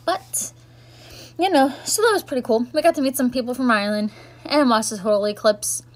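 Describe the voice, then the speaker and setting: Young girl rambling to camera, lots of likes and ums, kinda high voice. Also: fast talker. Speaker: vlogger. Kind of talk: casual chat recapping the year.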